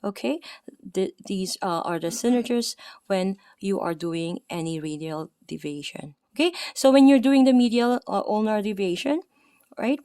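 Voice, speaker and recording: A young woman with a Filipino accent giving a casual anatomy lesson, halting with fillers and self-corrections as she explains muscles. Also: mid-range voice, animated, dark tone, clean tone, dry recording, studio quality. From Philippines. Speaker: massage therapist teaching anatomy.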